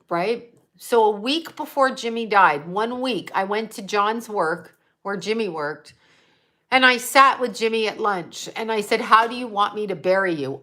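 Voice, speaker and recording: A middle-aged woman tells a personal story on her psychic livestream, talking straight to her viewers. Her voice is bright and clear. She rambles from one point to the next, and her telling carries strong feeling. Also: mid-range voice. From United States. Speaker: psychic medium livestream host.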